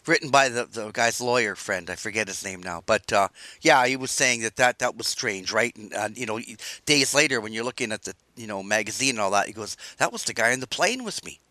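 A man's voice: lowish voice, brisk, pushed and bright, dry recording. A man hosting an interview, asking questions in a loose, conversational, rambling way. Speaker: host.

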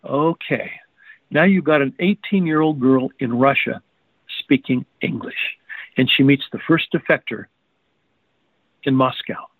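A man's voice: medium pitch, breathy edge, no room sound. Emphatic man on a tinny phone line. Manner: emphatic, repeats words in quick restarts. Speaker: guest researcher. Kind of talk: interview storytelling.

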